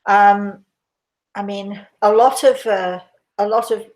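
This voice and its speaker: Here an older British woman with a British accent hosts an informal livestream and responds to audience questions. Her mid-range voice is a little mellow, slow, and fairly even in intonation. She rambles, chats and laughs without much prompting.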